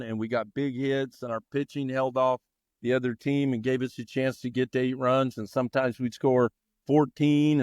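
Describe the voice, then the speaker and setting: A middle-aged man, a longtime baseball coach and teacher, telling stories with lively energy as a podcast guest. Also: mid-range voice, clean tone, no echo, studio quality. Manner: animated, energetic storyteller. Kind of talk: storytelling in a podcast interview.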